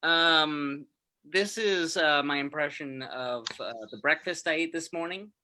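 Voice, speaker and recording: A man doing a stand-up comedy set, halting and self-amused, with many restarts. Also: a little high, sharp tone, a little hiss or hum, low-quality recording.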